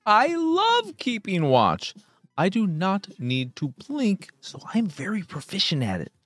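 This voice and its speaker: Man voicing a literal-minded robot arm AI in a video game, stiff machine-like delivery, pitched well above his own voice. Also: wildly swooping pitch, measured pace, fairly bright tone, no echo, faint music behind, heavily acted. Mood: earnest.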